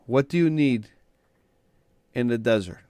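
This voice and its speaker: A man voicing a little genie offering a wish, slow and matter-of-fact. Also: medium pitch, a little mellow, no room sound, voice pushed down, lightly acted.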